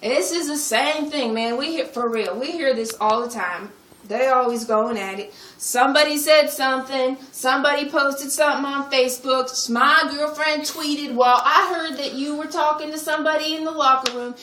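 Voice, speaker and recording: A woman's voice: sits high, normal speed, sharp tone. A woman performing a sassy churchgoing young woman in a live comedy skit, telling her story with exaggerated street slang. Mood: indignant. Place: retreat meeting room. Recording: echoey room, mic from a distance.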